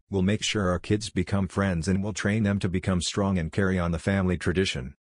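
A man's voice: deep voice, darkish tone, no room sound, clean studio sound. A man reading the part of a kind, confident young male ninja leader who speaks earnestly and persuasively. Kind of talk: audiobook reading of fan fiction.

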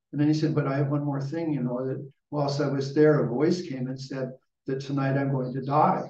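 An older man gives a dharma talk as a Buddhist teacher, rambling and restarting his sentences as he goes. His voice is gravelly. The recording is dull and roomy, picked up from a distance. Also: medium pitch, steady tone, a little fast, a little mellow. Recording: dull, echoey room from far off.

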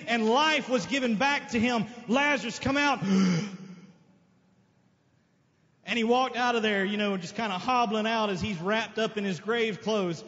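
High-voiced preacher man in an echoing hall. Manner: emphatic preaching with sudden loud shouts and quiet asides. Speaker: pastor. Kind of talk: sermon. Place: church sanctuary. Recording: dull lo-fi sermon recording with long hall reverb.

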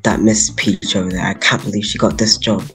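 A woman's voice: rumbling low, steady tone, a little fast, fairly bright tone, soft background music. A woman voicing a snobbish, grumpy father who makes catty remarks about a coworker in a game role-play. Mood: gossiping.

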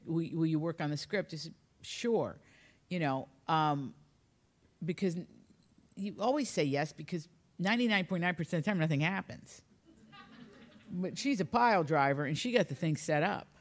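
A woman author from Appalachia, telling humorous, rambling anecdotes in a relaxed conversation. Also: low voice, moderate pace. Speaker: author guest. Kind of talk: storytelling in conversation.

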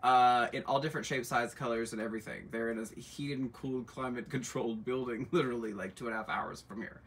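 A man's voice: mid-range voice, quick pace, a little hiss or hum. A middle-aged man hosting a live luxury bag sale, chatting and teasing viewers in a campy, sassy way, in an indoor shop room. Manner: campy, animated and sassy, full of asides and teasing. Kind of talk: chatty live-stream selling, reading viewer comments. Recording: voice picked up from a distance.

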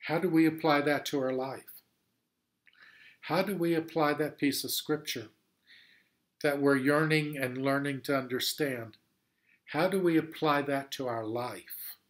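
A man's voice: medium pitch, a bit bright. A man teaching a Sunday school Bible lesson in an earnest, explanatory way, repeating points for emphasis.

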